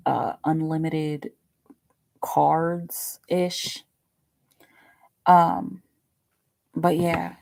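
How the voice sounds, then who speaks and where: A woman with a gravelly, fry-laden voice sits a little low in her range as she hosts a live tarot stream. She rambles in a loose, chatty way, filling gaps with fillers and dropping the odd curse. Her tone is mellow and dark rather than bright. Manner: chatty, rambling, peppered with fillers and casual swearing. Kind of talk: casual livestream chat.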